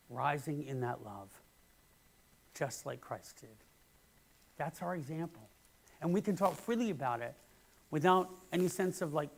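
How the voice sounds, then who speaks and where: A male minister giving a sermon in an earnest way, dropping to hushed words and then rising to emphatic ones. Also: a little high, creaky. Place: church sanctuary.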